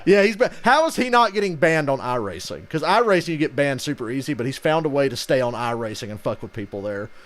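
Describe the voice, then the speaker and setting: A man's voice: mid-range voice, very animated, quick pace, hardly any pauses, fairly bright tone. A man hosting a live race reaction stream in casual, profane chat, breaking into mocking voices when he quotes people.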